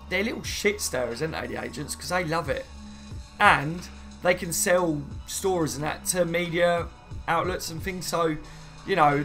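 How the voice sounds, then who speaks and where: A man's voice: on the high side, fairly bright tone. A man hosting a casual live stream, chatting loosely and reading viewers' comments aloud before answering them. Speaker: fan channel host.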